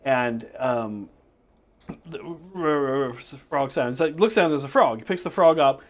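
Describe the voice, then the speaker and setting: A man's voice: medium pitch, lively intonation, a little slow. A man co-hosting a casual livestream, rambling, repeating himself and telling jokes. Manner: rambling, restarts, joke-telling. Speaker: co-host.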